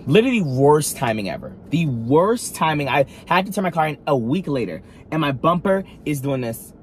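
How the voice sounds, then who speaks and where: A man vlogging a storytime, talking straight to his viewers in an animated, dramatic way, full of asides and restarts. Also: fairly high pitch, moderate pace, slight background noise. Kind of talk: storytime monologue.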